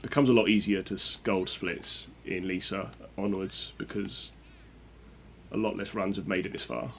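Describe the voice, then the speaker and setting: Over slight background noise, a man with a low-pitched, creaky voice keeps fairly even intonation at a moderate pace. He jokes and chats casually with viewers during his speedrun, reading chat aloud.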